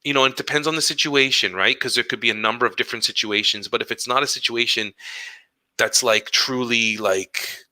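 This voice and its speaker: A middle-aged man, an educator co-hosting a podcast, chatting casually and telling animated stories that act out quoted dialogue. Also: mid-range voice, brisk, no room sound, poor audio. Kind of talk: casual chat.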